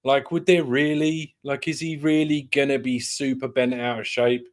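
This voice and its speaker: A man co-hosting a casual football podcast, chatty and quick to laugh. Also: mid-range voice, little pitch movement. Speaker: co-host.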